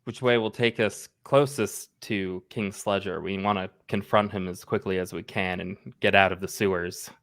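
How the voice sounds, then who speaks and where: A man in a tabletop game session eagerly describing his character's moves. His voice is low. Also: fairly even intonation, normal speed, few pauses, fairly bright tone. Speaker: player.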